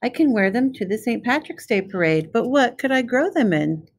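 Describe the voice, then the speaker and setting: A woman voicing an eager, earnest young male rabbit in a storybook reading, talking in a bright, pleading way. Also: fairly high pitch, very animated, normal speed, slight background noise, voice pushed up.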